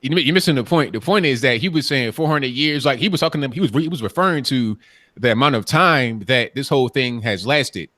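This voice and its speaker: A man's voice: mid-range voice, lively intonation, brisk, a bit bright. A man co-hosting a casual debate, firmly restating his reading of a quote. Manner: insistent, firm, restates his point. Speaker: podcast co-host.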